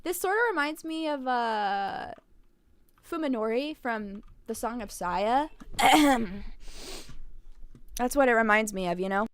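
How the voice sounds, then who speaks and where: A woman's voice: fairly high pitch, expressive, slow, pauses often, clear, resonant tone, no room sound. A woman streaming a game, playful and joking, reading dialogue aloud with silly voices into a desk microphone.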